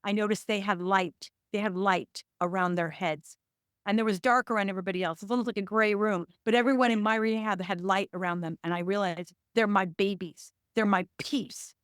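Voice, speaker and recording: A woman tells a personal story in a smooth, resonant voice. She talks emphatically and restarts her sentences often. The sound is dry and close. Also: medium pitch, fairly even intonation, fairly quick, a bit bright, no room sound. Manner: emphatic, with frequent restarts and reenacted quotes. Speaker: actor and producer, podcast guest. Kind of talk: candid conversational storytelling.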